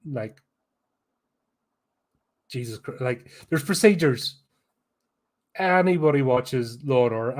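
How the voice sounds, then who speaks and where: Brief: blunt Belfast podcast host, sarcastic, swears freely, mid-pitched male voice. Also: darkish tone. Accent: Northern Irish, Belfast. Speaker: podcast host, film reviewer. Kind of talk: casual film review rant.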